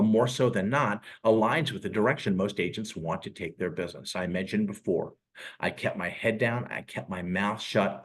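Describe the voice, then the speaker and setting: A man in his sixties, a real estate recruiter giving a sales presentation on a live call, telling his story earnestly with emotional pauses. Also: lowish voice, fairly bright tone. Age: 60s.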